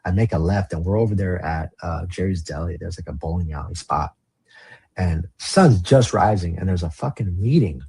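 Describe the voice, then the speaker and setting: A podcast guest from the San Fernando Valley in Los Angeles tells candid stories in an interview, his male voice low, raspy and a little mellow at a moderate pace. He's casual and rambling, swears, and leans heavily on "like" and "you know."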